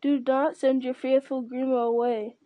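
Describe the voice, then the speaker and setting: A woman's voice: sits high, level tone, normal speed, no room sound, highs cut off, natural voice. A woman reading as a whining sly counselor. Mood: pleading. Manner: wheedling, whining. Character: fawning sly old male counselor.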